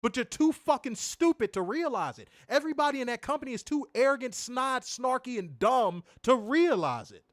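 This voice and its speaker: A man's voice: very high voice, big pitch swings, moderate pace, few pauses, a bit bright, no echo, studio quality. A man co-hosting a wrestling podcast, ranting with profanity and piling up rhetorical questions. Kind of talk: heated ranting commentary.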